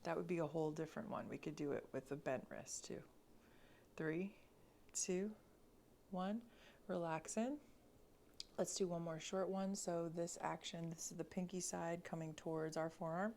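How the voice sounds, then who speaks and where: A woman instructor guiding a mobility class, cueing each movement calmly and counting down slowly. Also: fairly low pitch, gravelly, a little hiss or hum. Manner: slow, calm cueing with counted breaths. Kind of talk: guided exercise class.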